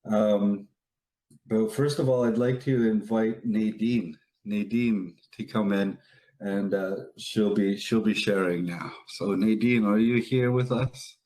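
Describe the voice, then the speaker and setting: A man's voice: fairly low pitch, fairly even intonation, takes it slowly, mellow, poor audio. A man hosting an online event, earnest and effusive, a little flustered and often restarting his sentences. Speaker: event host. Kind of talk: emotional live event hosting.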